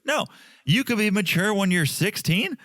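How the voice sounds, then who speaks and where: A man's voice: sits high, animated, normal speed, a bit bright, dry recording, clean studio sound. A man in his thirties from Connecticut, co-hosting a casual podcast chat in a playful, jokey way. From Connecticut, USA. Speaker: podcast co-host.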